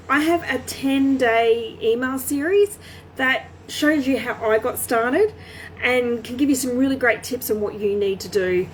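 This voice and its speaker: A woman's voice: high voice, slight background noise, low-quality recording. A woman talking casually to camera as a small business coach, chatty and full of fillers and restarts.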